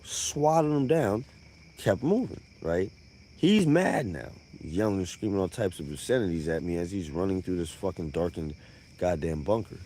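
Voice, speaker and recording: A man's voice: medium pitch, warm tone, slight background noise. A man telling a profane comic tall tale on a live stream, with conversational asides.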